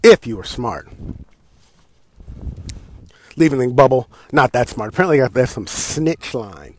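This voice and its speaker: An American talk show host rants casually about sports in a medium-pitched, unhurried voice. He is loose and swears a lot, with laughs, restarts and animated outbursts.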